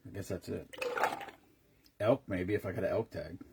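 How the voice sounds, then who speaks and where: A man's voice: deep voice, moderate pace, vocal fry, noisy background. A man casually chatting on a live stream, rambling between stories and greeting viewers by name as he mixes drinks.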